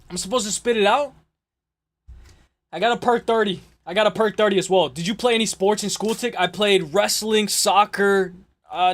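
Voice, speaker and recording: A man hosting a casual livestream, rambling and joking with profanity, congested and clearing his throat. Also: high voice. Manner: rambling, profane, jokey, reads chat aloud. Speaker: livestream host.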